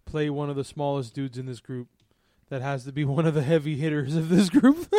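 A man takes part in a tabletop role-playing game as a player. He jokes, laughs a lot and keeps asking questions. His voice sits a little high for a man, and the sound is dry and close. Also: a little fast, warm tone, no room sound. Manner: jokey, laughs often, asks many questions. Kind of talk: casual tabletop game play.

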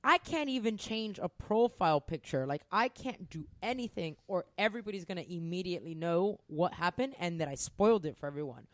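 A woman's voice: on the low side, brisk, few pauses, dry recording. A woman co-hosting a casual podcast chat, telling stories with feeling and plenty of swearing. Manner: emotional, swearing, animated storytelling.

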